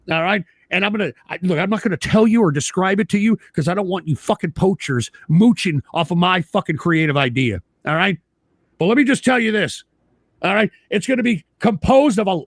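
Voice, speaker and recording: A man with a high, gravelly voice hosts a live stream in blunt, profane talk. He repeats himself and climbs into shouts when worked up. The sound is close and dry. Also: no echo. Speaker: livestream host.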